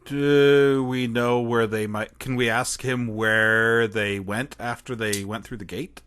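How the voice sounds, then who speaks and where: Bright-voiced man playing a tabletop game. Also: medium pitch, steady tone, clear, resonant tone. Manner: quick, joking, puzzled questions. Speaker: player. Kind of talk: tabletop role-play.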